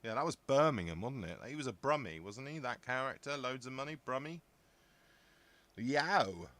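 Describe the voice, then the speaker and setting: A man's voice: on the low side, bright, forceful tone. A man, chatting casually as a podcast host, rambling along with jokey asides. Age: 50s. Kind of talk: casual chat.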